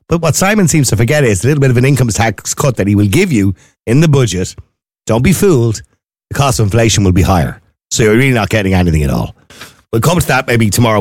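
An Irish man hosts a radio phone-in, talking fast and opinionated. His pitch swings widely as he tells stories. The sound is close and dry, with no room at all. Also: no echo. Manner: opinionated, storytelling, animated. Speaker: radio talk show host. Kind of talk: talk radio chat.

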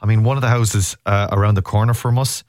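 A man's voice: lowish voice, steady tone, fast, darkish tone, dry recording, studio quality. An Irish man hosting a radio show, chatting casually with jokey, rambling asides. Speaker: radio host. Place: radio studio. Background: music.

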